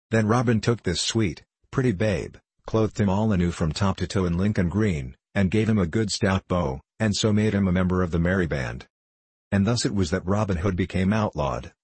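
Male audiobook narrator, deep and slightly husky, measured storytelling, dry booth sound. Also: a little mellow, no echo. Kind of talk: storybook reading.

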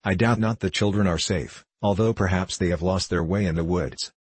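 A man voicing a steady, reassuring middle-aged father with a measured manner. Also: low-pitched, slightly rough, dry recording.

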